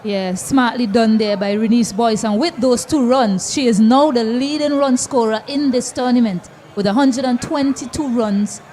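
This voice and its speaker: A woman with a Vincentian accent co-commentating a cricket match, measured and reading out statistics. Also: on the high side, dark tone, a little hiss or hum. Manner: measured, reads out stats. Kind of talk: live sports commentary. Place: outdoor cricket ground.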